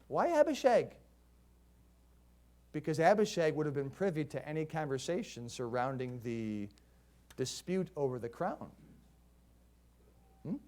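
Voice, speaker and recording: Man, pastor, sermon, higher pitch, conversational, storytelling.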